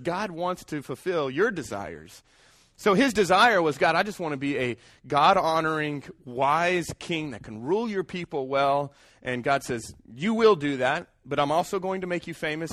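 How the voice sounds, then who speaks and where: A man delivers a sermon, often asking the congregation to answer back. His voice sits somewhat high. The sound is dry and close. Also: a bit bright, no room sound. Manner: calls out to the congregation for responses. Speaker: pastor.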